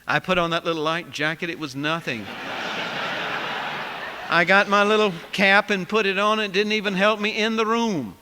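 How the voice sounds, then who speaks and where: A male preacher telling a sermon story vividly, swinging from loud lines to quiet ones. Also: high voice, normal speed, background noise. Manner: vivid storyteller with wide swings in loudness, dropping to a hush. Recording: long hall reverb.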